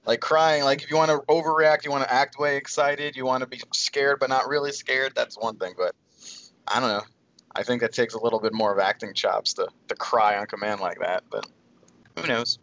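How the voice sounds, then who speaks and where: A man's voice: mid-range voice, fairly even intonation, a little fast, a bit bright. A man co-hosting a casual podcast chat, explaining things at length with lots of hedging. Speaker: podcast co-host. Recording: dull audio with faint hiss.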